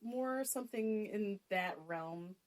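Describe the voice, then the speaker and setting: A woman's voice: medium pitch, slow pace. A woman co-hosting a casual podcast at her sister's house, chatty and laughing often, recorded on a phone. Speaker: podcast co-host.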